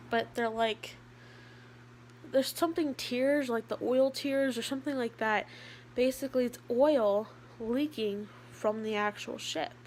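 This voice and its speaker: A teenage girl talking to camera in a casual vlog, rambling with lots of fillers and sometimes dropping to a soft, quiet voice. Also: on the high side, slight background noise. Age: teens. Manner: chatty, rambling, with many fillers. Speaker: vlogger.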